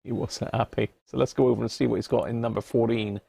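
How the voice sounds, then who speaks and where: A British man with a gravelly, husky voice hosts a relaxed live stream. He chats in a loose, joking way and reads out bits of text along the way. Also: mid-range voice, fast. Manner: chatty and jokey, reading labels aloud. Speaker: radio repair live-stream host. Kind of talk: casual live-stream chat.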